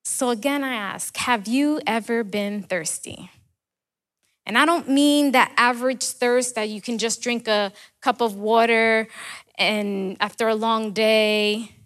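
A woman with a somewhat high voice preaches a sermon. She asks the listener rhetorical questions and leans on repetition to stress her points. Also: fairly even intonation, unhurried, a bit bright.

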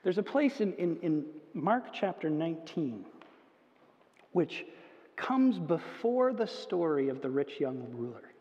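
A man's voice: a little high, big pitch swings, slow, darkish tone. A man preaching a conversational sermon, acting out whiny children as he goes. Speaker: pastor. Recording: long hall reverb, dull lo-fi sound.

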